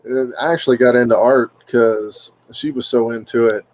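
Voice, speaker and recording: A man's voice: medium pitch, fairly even intonation, normal speed, a little mellow. Laid-back guy on a stream, plain talk, easygoing. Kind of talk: casual livestream chat.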